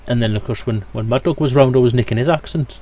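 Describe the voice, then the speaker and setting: A man's voice: mid-range voice, quick pace, warm tone. Chatty British man streaming a game. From Scotland. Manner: chatty, talks to viewers in chat as he plays. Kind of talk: casual live-stream gaming commentary.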